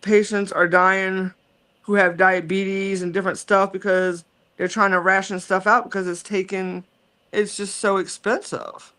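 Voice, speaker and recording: This is a woman co-hosting a livestream who chats in a relaxed, agreeable way. Her pitch sits in the middle of the usual range. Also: measured pace. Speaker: livestream co-host. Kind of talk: casual chat.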